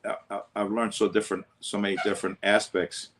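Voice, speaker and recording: A martial arts instructor with an Italian accent, rambling in casual chat with lots of fillers and laughs. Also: male voice, fairly low pitch, flat delivery, a little fast, noisy background.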